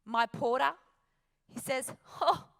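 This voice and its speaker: Upbeat Australian woman motivational speaker, bright and forceful, a touch high. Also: moderate pace. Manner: emphatic, upbeat, speaks to the audience. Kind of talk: stage motivational talk. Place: stage before an audience.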